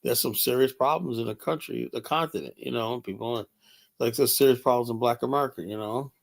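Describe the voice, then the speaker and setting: A man's voice: mid-range voice, brisk, creaky. Casual older guy on a livestream, rambles, says "you know" nonstop, swears freely. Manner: rambling, blunt, profane, many "you know" fillers. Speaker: livestream host. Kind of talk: casual livestream talk reading chat.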